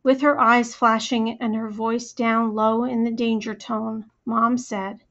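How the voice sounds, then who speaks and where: A woman reading a first-person children's story aloud in a lively, chatty storytelling manner. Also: on the high side, slow, few pauses. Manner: lively, chatty storytelling as a young girl narrator. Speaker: audiobook reader. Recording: slightly muffled recording.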